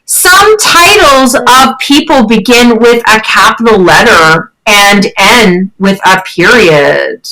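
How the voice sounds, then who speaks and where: A woman's voice: expressive, slow pace, hardly any pauses, pushed and bright, poor audio. A woman teaching a child English in a chatty, encouraging one-on-one online lesson. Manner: encouraging, chatty, questions with rising pitch.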